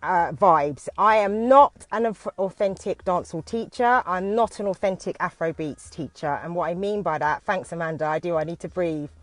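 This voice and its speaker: A British woman who teaches dance talks into her phone from inside a parked car on a live video, nervous and halting, with frequent restarts. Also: on the low side, no room sound. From United Kingdom.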